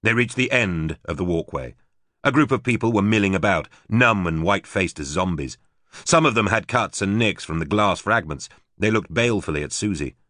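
A man narrating an audiobook in a steady, even storytelling manner. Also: lowish voice, fairly quick, dry recording, clean studio sound.

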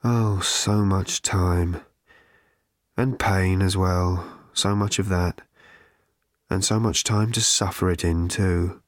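A man voicing an ancient, depressed male robot that talks in a slow, croaking, hollow rattle full of self-pity. The reading is an audiobook. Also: low-pitched, fairly even intonation, no echo, studio quality. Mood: mournful. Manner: slow, mournful, self-pitying drawl.

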